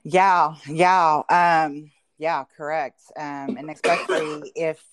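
A woman's voice: low voice, steady tone, takes it slowly, no echo. A woman, co-hosting a podcast in casual, reflective chat full of "you know" fillers. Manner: reflective, speaks in southern "y'all", many "you know" fillers. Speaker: podcast co-host.

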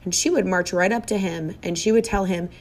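A woman's voice: fairly low pitch, a little fast. A middle-aged woman giving a personal, reflective monologue in a heartfelt, earnest way, often repeating phrases for emphasis.

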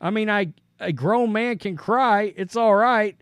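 High-voiced blunt male sports host. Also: a little slow, fairly bright tone, dry recording. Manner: blunt and conversational, reads quotes then reacts. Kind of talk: opinionated sports commentary.

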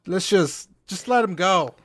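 A man's voice: high-pitched, animated, a little slow, a bit bright, heavily acted. A man voicing a fed-up male health official who speaks bluntly and in exasperation. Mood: exasperated.

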